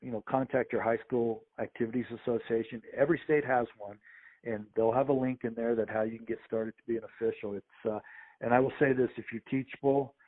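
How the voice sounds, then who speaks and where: A middle-aged man, a veteran sports official, spins lively stories and slips into the voices of the people he quotes. His voice sits at an ordinary middle pitch. It comes through a thin, tinny phone line. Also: a little fast. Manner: lively anecdotes, acts out the voices of others. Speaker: sports official, podcast guest. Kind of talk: conversational storytelling interview.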